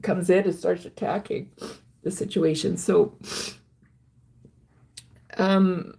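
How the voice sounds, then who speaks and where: A woman recounting her own past in a halting, earnest personal story, with frequent restarts. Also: fairly low pitch, fairly even intonation, vocal fry, dark tone. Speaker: vlogger recounting her life.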